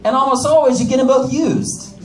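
A man's voice: very high-pitched, steady tone, brisk, roomy sound, far from the mic, a loud crowd, very noisy. A man doing a stand-up comedy set, with brash joking asides to the audience. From United States. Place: comedy club stage.

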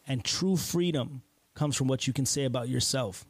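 A man's voice: mid-range voice, normal speed, husky, dry recording. A man hosting a casual podcast, talking straight to listeners in an earnest, encouraging way and often checking in with "right?". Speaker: podcast host.

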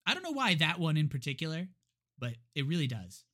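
A man's voice: fairly high pitch, sing-song, fairly quick, a bit bright. A man co-hosting a podcast, retelling a movie's plot in casual chat with lots of restarts and laughs. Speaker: podcast co-host.

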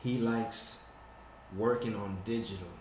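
A man chatting casually and telling stories, swearing often and animated. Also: fairly low pitch, a little slow, slight background noise. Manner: profane, animated storyteller. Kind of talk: casual chat. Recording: echoey room.

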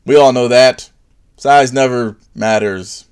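A man's voice: fairly even intonation, slow, a little mellow, clear, resonant tone. A man delivering a sarcastic comedic monologue, dipping into mocking voices for his jokes. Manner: sarcastic, swings into high mocking put-on voices for bits. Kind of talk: stand-up style comedic monologue.

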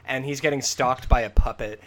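A man chatting casually on a podcast, swearing freely and mocking the topic in an animated way. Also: medium pitch, a little fast. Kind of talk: casual chat.

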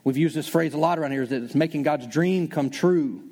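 A man preaching to a congregation with a slightly high voice, fast and animated, playing out his listeners' doubts in quick little asides. His voice carries a long reverb from a large church auditorium. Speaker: pastor. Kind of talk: sermon.

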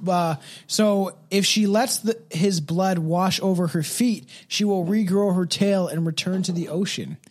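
A man's voice: high-pitched, measured pace, darkish tone. A man co-hosting a casual chat show, reading folklore aloud, laid-back and swearing freely. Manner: laid-back, swears often, laughs a lot. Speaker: podcast co-host reading folklore.

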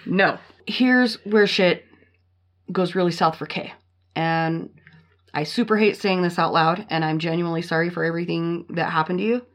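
Low-voiced profane woman podcaster. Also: fairly even intonation, moderate pace. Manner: profane, blunt, reads quotes word for word. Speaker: podcast co-host reading a listener story. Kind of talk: casual podcast chat and reading aloud.

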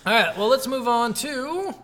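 A man's voice: extremely high pitch, expressive, normal speed. A man co-hosting a video game podcast, chatting casually and animatedly, swearing often and laughing as he talks. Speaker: podcast co-host. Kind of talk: casual game review chat.

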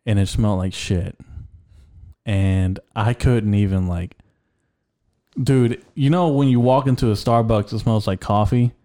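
A young man with a low, relaxed, mellow voice rambles through crude stories on a casual podcast. He swears constantly and strings his tales together with filler words. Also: measured pace. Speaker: podcast co-host. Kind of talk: casual chat.

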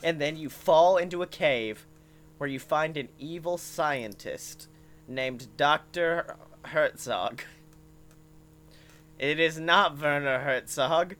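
Rambling comedian pitching a ride. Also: takes it slowly. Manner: rambling, animated, peppered with "like" and swearing. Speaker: podcast comedian. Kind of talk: comic storytelling.

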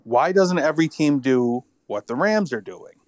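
A man's voice: on the high side, expressive, normal speed, dry recording. A man co-hosting a casual football podcast, rambling and thinking aloud, tired after an illness. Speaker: podcast co-host. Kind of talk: casual sports chat.

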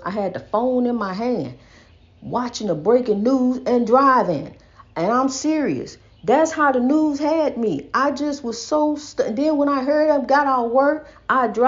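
A woman's voice: a little high, darkish tone, dull audio. An older woman giving an impassioned, rambling spiritual monologue, repeating her points with emphasis. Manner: preachy, repetitive, emphatic, rambling.

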